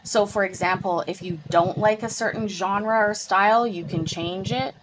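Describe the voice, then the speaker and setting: A woman livestream host chats casually and reads a news article aloud, dropping into asides as she goes. Her voice sits at a middle pitch. Clear background noise and clicks run under her home stream. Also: normal speed.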